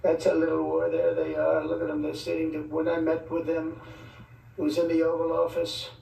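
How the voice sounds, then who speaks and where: A man's voice: a little high, normal speed, creaky, dark tone. A man giving an off-the-cuff speech to visiting leaders, rambling with joking asides. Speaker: politician addressing foreign leaders. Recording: echoey, distant mic, faint background noise.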